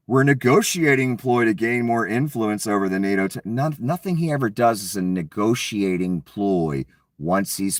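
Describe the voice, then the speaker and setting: A man's voice: medium pitch, dry recording, studio quality, recorded from a distance. A man giving a casual, profane political rant, sarcastic and often acting out mocking quotes. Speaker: political commentator. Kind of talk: casual ranting commentary.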